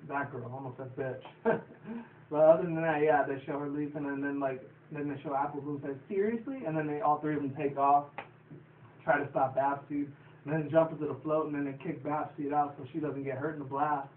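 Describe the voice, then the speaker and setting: A man rambles through a casual recap of a cartoon episode, cursing freely and laughing often. His voice sits slightly high. The sound is thin and phone-like, distant from the mic, in an echoey room with a faint hiss. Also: flat delivery, brisk. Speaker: show reviewer.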